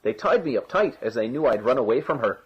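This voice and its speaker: A man voicing a sly young rogue, wheedling and boastful, in a high voice. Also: animated, fast talker, slightly rough. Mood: coaxing. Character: sly young Irish rogue, quick-tongued trickster. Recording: dull lo-fi recording.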